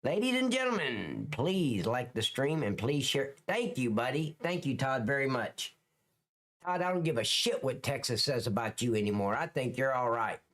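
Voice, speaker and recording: A man's voice: medium pitch, moderate pace, a bit bright. A middle-aged man hosting a live stream, chatting casually with viewers in a joking, crude, rambling way. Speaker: livestream host.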